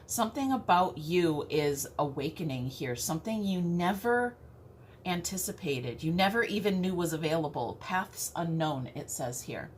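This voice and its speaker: A woman's voice: on the low side, animated, moderate pace, slight background noise. A woman giving a casual tarot reading, chatty and playful, often checking in with "okay?". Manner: chatty, keeps asking "okay?"; playful and earthy, mild swearing. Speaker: tarot reader.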